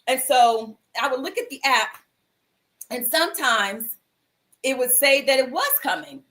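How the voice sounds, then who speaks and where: A woman's voice: high-pitched, unhurried. A woman hosting a mindfulness livestream, telling an inspirational story to her viewers in casual slang and acting out the voices of people in it. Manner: animated, acts out quoted voices, casual slang. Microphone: livestream computer mic.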